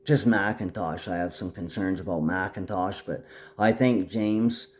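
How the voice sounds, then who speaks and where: A man with a lowish voice talks to the camera in a loose, rambling monologue, swearing freely as he goes. He often sinks to a quiet mutter, then breaks into loud, high-pitched outbursts. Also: fairly even intonation, a little slow.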